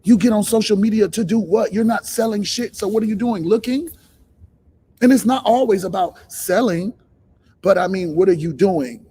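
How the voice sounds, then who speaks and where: Speaking at a moderate pace in a high, mellow voice with a breathy edge, a male livestream host delivers a blunt motivational talk. He swears freely and keeps firing rhetorical questions.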